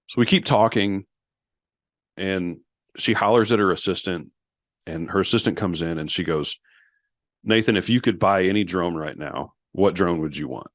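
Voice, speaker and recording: A man's voice: deep voice, normal speed, dry recording, studio quality. A man as a podcast guest, earnestly retelling an emotional story with many restarts and quoted dialogue.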